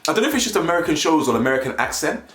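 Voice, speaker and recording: Fast-talking young man in a roomy room. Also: on the high side, crowd noise. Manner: animated, slangy, rambling with restarts. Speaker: TV show reviewer. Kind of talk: casual recap commentary. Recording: roomy echo.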